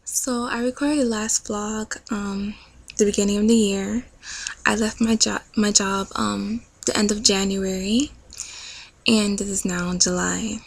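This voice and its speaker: A woman's voice: medium pitch, fairly even intonation, measured pace, vocal fry, dry recording, rough recording. A young adult woman telling an earnest, chatty personal story in a casual vlog, with many fillers. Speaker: vlogger.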